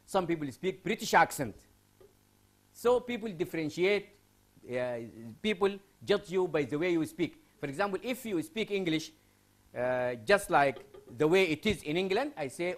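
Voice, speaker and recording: Lively male lecturer from Sudan. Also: sits high. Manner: lively, asks students questions and repeats phrases. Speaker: university English lecturer. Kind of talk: classroom lecture.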